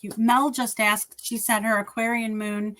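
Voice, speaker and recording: A woman's voice: on the high side, level tone, unhurried, fairly bright tone. A woman astrologer on a video call panel, answering a viewer's question and chatting about her children.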